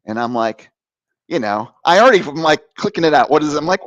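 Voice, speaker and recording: A man in his fifties, a guest author and coach, telling a personal story with lively acted-out voices and sound effects. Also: a little high, brisk, no room sound. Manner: animated, acts out voices with bursts of sound effects; frequent fillers and restarts, laughs while telling.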